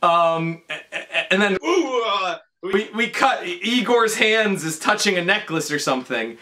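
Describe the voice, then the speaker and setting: A man's voice: high-pitched, animated, unhurried, bright, forceful tone. A drunk young man in a comedy sketch, rambling through a movie plot with stumbles, restarts and giggles. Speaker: comedy performer.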